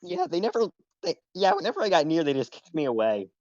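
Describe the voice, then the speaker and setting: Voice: medium pitch, huge pitch swings, fast, darkish tone, no echo, dull audio. A performer voicing a naive young man who lived underground, talking in an indignant, innocent way. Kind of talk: role-play stream.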